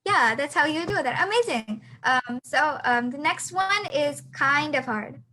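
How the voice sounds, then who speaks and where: A woman's voice: sits high, animated, measured pace, pushed and bright, poor audio. A teenage girl teaching a beginner lesson over a video call, hesitant with many fillers and restarts. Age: teens. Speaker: student teacher. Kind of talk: online class lesson.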